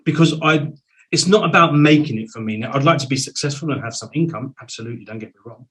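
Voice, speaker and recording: A man hosting an interview show, telling stories in a lively, animated way. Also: medium pitch, fast, poor audio. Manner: animated storyteller, voice swings up with excitement. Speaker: show host and singer. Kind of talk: casual video-call interview.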